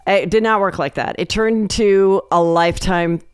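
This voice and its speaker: A woman comedian guest in a casual podcast chat, telling stories in an animated way and acting out quoted voices. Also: medium pitch, moderate pace, smooth, dry recording. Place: podcast studio.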